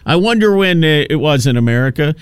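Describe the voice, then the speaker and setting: A man's voice: fairly high pitch, animated, a little fast, smooth, no echo. A man in his fifties hosting a talk radio show, rambling through a casual monologue with many restarts and asides. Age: 50s.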